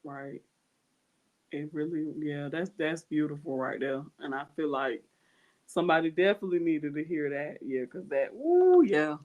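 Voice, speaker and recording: A woman hosting a podcast, giving soft, admiring reactions in casual chat. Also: low-pitched, lively intonation, normal speed, narrow, tinny audio. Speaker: podcast host.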